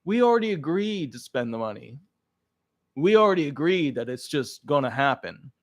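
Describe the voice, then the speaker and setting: A man's voice: fairly high pitch, very animated, normal speed. Man playing a breezy reckless husband. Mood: dismissive. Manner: breezy, dismissive. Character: reckless husband on a spending spree.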